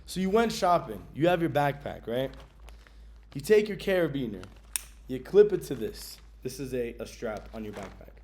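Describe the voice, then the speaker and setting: A man vlogging about his travel gear in a casual, slangy way, with many ums and bursts of excitement. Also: medium pitch, moderate pace, slight background noise.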